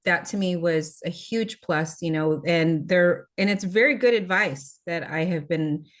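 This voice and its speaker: Lower-voiced woman chatting gratefully. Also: unhurried. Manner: chatty, grateful, lots of fillers. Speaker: meeting participant. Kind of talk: casual testimonial. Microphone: video call.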